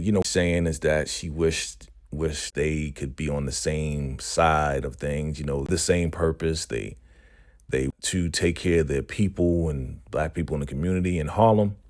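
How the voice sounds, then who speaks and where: A man casually recapping a TV episode in loose, slangy talk, tagging lines with "right?" and "you know". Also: a bass voice.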